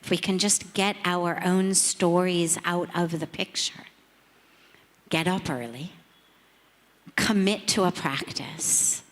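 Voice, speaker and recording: A middle-aged woman, a spiritual teacher, telling a reflective story to an audience in a measured, earnest, emphatic way. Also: lowish voice. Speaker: spiritual teacher speaking on a panel. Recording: long reverb of a large hall.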